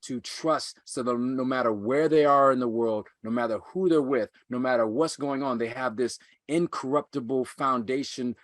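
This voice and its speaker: A man speaking as a podcast guest and coach, measured and earnest, repeating phrases for emphasis. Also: medium pitch, dry recording, studio quality. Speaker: guest, men's self-mastery coach. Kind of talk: earnest conversational teaching.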